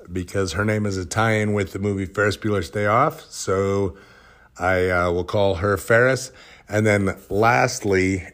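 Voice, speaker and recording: A man hosting a podcast, telling a deadpan workplace story in a casual, joking way and dropping into whispers to act out the scenes. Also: sits low. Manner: deadpan, joking storyteller who drops into whispers when retelling. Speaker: podcast host.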